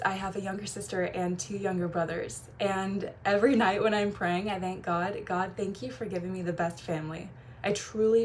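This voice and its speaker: A woman's voice: medium pitch, a little hiss or hum. A young woman who coaches on relationships, talking to camera in a casual, gushing way with frequent light laughs. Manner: warm, gushing, quick laughs and playful quoted voices. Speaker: feminine energy coach.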